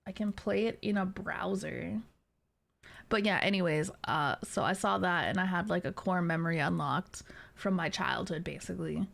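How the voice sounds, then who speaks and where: A woman's voice: on the low side, normal speed, vocal fry, fairly bright tone. A young adult woman streamer chatting casually with viewers, laughing often and teasing.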